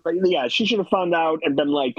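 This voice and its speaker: A man's voice: on the high side, brisk, highs cut off, a crowd in the background. A man co-hosting a casual movie podcast, criticizing a film's pacing in a loose way full of "like". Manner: loose, "like"-heavy. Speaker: podcast co-host.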